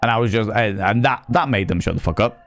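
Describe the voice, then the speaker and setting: A man chatting on a live stream, telling animated, sweary stories and reading out chat messages. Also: on the low side, quick pace, faint music behind. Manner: sweary, animated storytelling, reads chat aloud.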